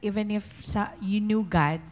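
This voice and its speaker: A woman answering a teacher's question in class, speaking haltingly. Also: mid-range voice, steady tone, a little mellow. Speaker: class participant.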